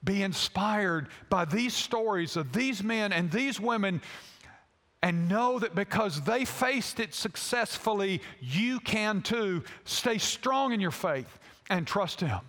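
A man preaching a sermon as a pastor, telling a story haltingly with many fillers. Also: high-pitched, lively intonation, fairly bright tone. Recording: long hall reverb.

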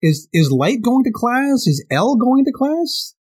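A man's voice: extremely high pitch, very animated, unhurried, darkish tone, husky. A man co-hosting a casual podcast discussion, speaking in a wry, thoughtful way with small stammered restarts. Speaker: podcast co-host.

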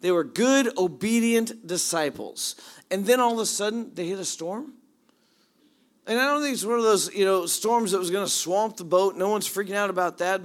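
A man preaching a sermon, animated as he retells the story, swinging from hushed asides to excited bursts. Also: sits high. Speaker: pastor.

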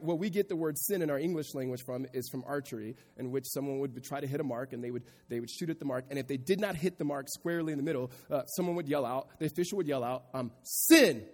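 Emphatic preacher in a reverberant hall. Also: male voice, a little high. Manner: builds from quiet reflection to loud, emphatic preaching. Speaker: pastor. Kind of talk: sermon. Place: church hall with congregation.

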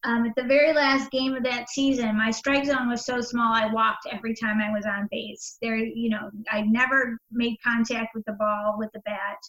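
Higher-voiced woman telling a personal story. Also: little pitch movement, normal speed, hardly any pauses, fairly bright tone, reverberant, muffled recording. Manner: candid, meandering, with many fillers and restarts. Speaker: interview guest.

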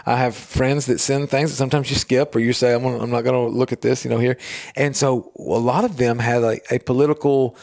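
Middle-aged man, radio show host, casual storytelling, medium pitch. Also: quick pace, vocal fry. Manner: animated storytelling, acts out quotes in a raised voice.

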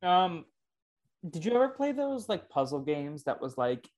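A man's voice: a little high, sing-song, a little slow, a little mellow. A man co-hosting a podcast, chatting casually and hesitantly with many fillers. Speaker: podcast co-host. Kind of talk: casual chat.

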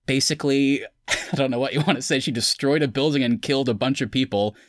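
Speaking fast in a steady, medium-pitched voice, a podcast host goes over an episode's plot before drifting into loose chat with his friends. The studio recording is clean, with no room sound.

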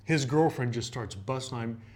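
Brief: young male ballplayer, mid-pitch voice, lively storyteller who laughs as he goes. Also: brisk. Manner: animated, laughing anecdote teller. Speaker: baseball pitcher, guest. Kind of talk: casual storytelling in an interview.

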